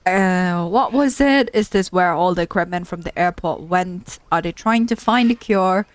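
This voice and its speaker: A woman giving casual let's play commentary with a somewhat low voice. She chats along as she plays and repeats her exclamations when something startles her. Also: unhurried, dry recording.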